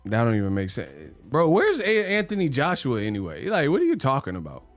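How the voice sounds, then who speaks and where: A man hosting a boxing livestream, talking in animated slang and laughing often. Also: mid-range voice, fairly quick, no echo, soft background music. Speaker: boxing channel host. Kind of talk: livestream commentary.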